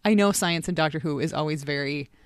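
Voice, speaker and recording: A woman co-hosting a casual podcast, amused and animated, who acts out quotes with a jump in pitch. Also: fast talker, no echo, studio quality. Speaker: podcast co-host. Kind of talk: casual chat.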